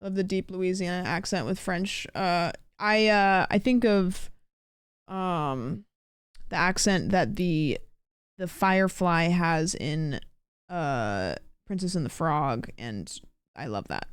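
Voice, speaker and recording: A young woman with a Pacific Northwest American accent, hosting a livestream and chatting casually with viewers. She rambles, says "like" constantly, and calls herself monotone. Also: fairly low pitch, slow, clean tone, no room sound, clean studio sound. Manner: chatty and rambling, heavy use of "like", self-described monotone. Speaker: livestream host.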